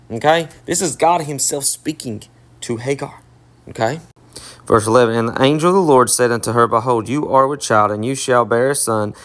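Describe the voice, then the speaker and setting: A man's voice: medium pitch, fairly bright tone. A man with a Southern US accent giving a Bible study sermon. He reads verses aloud and then explains them emphatically, repeating himself, correcting himself and checking in with "okay?". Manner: emphatic, repetitive, self-correcting. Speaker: Bible teacher.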